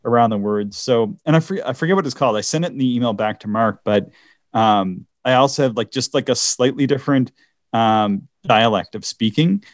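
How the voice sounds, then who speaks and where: A man from the Canadian Maritimes co-hosts a podcast, chatting casually in a brisk, mid-range voice. He sounds hesitant, laughing often and frequently stopping to restart sentences. The studio recording is clean, with no room sound.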